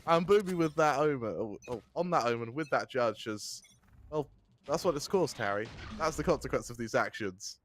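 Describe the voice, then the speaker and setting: A man giving color commentary on an esports match, jokey with deadpan asides and frequent laughter. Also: medium pitch, normal speed, a little hiss or hum. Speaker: esports co-caster.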